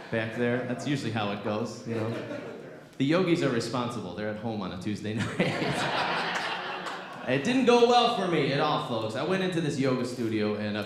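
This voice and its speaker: Playful young man doing stand-up in an echoey room. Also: medium pitch. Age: young adult. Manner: animated, playful, chatting with the crowd. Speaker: stand-up comedian. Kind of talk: stand-up comedy set. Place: small comedy theatre. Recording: echoey venue.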